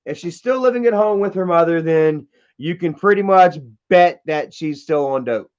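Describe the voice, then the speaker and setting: A man's voice: a little high, moderate pace, a little mellow. A man hosting a livestream, ranting bluntly and with profanity while reading chat comments aloud. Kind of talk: candid casual livestream rant. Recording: dull lo-fi stream audio.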